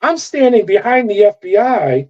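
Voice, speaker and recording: A man's voice: high voice, sing-song, moderate pace, darkish tone. A middle-aged man from California, a former corrections officer, telling his story in an interview and acting out the voices of the people in it. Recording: dull lo-fi audio.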